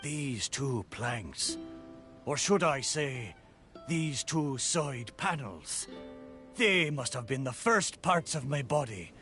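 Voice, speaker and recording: An actor voicing the friendly, pirate-like spirit of a ship in a video game, who speaks wistfully but breaks into hearty pirate exclamations. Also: male voice, mid-range voice, lively intonation, slow pace, pushed and bright. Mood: reminiscing. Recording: game audio with faint music.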